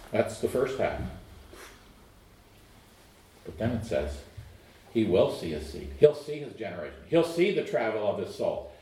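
A middle-aged man preaching a sermon, earnest, moving between emphatic lines and hushed, low ones. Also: far from the mic, a little hiss or hum. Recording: roomy echo, voice off-mic.

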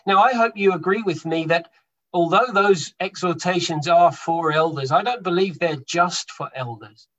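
A man's voice: high-pitched, normal speed, dull audio. A man preaching a sermon to his congregation, emphatic, swelling and dropping his volume for stress. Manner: emphatic, rises and drops in loudness for stress.

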